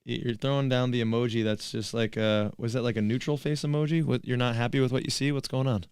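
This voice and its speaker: A man's voice: medium pitch, fairly even intonation, quick pace, darkish tone, smooth, no echo, clean studio sound. A man co-hosting a basketball podcast, chatting casually and joking while watching a live game. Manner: jokey, chatty, reacts to plays. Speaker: podcast co-host.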